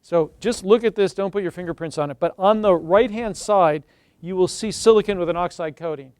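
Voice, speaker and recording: A middle-aged man lectures on chemistry with real enthusiasm, talking straight to the room and slipping into stories. His voice sits high for a man and comes through smooth and resonant. The sound is close and dry, with little echo. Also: brisk, darkish tone. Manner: enthusiastic, storytelling, addresses the audience directly. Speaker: chemistry professor giving a seminar. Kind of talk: university lecture.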